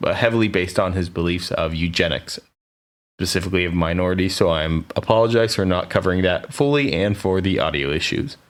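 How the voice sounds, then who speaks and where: A man's voice: deep voice, fairly bright tone. An American man co-hosting a podcast in casual chat, teasing and joking around. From United States. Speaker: podcast co-host.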